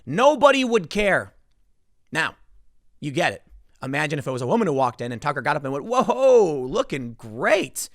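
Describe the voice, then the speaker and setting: A man's voice: on the high side, a little fast, long pauses, dry recording, studio quality. A man in his thirties giving solo political commentary, talking animatedly and acting out the people he quotes. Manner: animated, acts out quoted voices.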